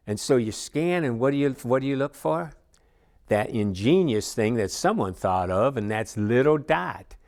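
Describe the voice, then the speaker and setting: A man's voice: mid-range voice, expressive, unhurried. A middle-aged man teaching a recovery class in a conversational, folksy way, with frequent asides and fillers. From Chicago area. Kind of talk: recorded class lecture.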